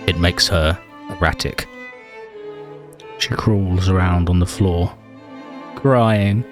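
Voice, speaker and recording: A man with a low, deep voice tells the story of his game in a dry, mock-tragic way. Soft music plays faintly behind him. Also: takes it slowly, long pauses. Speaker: let's play host. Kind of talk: comedic game narration.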